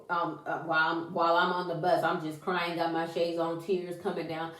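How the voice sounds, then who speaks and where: A woman's voice: on the low side, normal speed, distant mic. Folksy encouraging woman vlogger, echoey room. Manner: animated, folksy, preachy with church phrases. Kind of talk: casual encouraging vlog talk. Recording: echoey room, voice away from mic.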